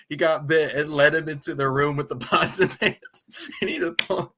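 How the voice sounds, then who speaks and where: Bright-voiced man laughing through a movie review. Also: fairly high pitch. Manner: laughs often, quick excited retelling. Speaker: movie review podcast co-host. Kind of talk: casual chat.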